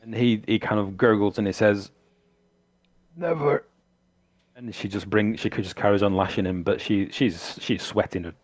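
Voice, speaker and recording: A man running a tabletop game as game master, narrating the scene descriptively and halting often with fillers. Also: on the low side, fairly even intonation, dry recording.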